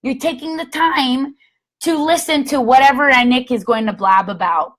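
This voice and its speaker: Pep-talking woman, young adult, blunt and energetic, slightly high voice, quick to jump between loud and soft. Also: poor audio. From Canada. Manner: energetic, blunt, swears casually, mimics voices. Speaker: Scentsy consultant and motivational vlogger. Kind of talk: casual motivational live chat.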